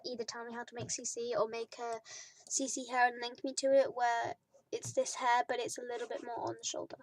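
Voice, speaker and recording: A woman's voice: on the high side, a little hiss or hum. A young British woman giving rambling, chatty commentary over her video game, filling gaps with "like" and trailing into whispers. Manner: rambling, chatty, lots of "like" fillers. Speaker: gaming YouTuber. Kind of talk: casual let's-play commentary.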